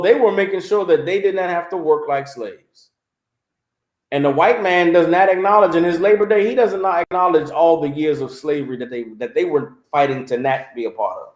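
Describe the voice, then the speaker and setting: High-voiced man preaching. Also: reverberant. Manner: animated, mocking, repeats "You understand?". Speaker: religious teacher. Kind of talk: livestreamed preaching.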